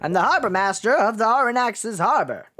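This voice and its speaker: A man voicing an old, nervous harbor master with a gruff, stammering manner. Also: high voice, expressive, brisk, pushed and bright, soft background music, voice pushed up.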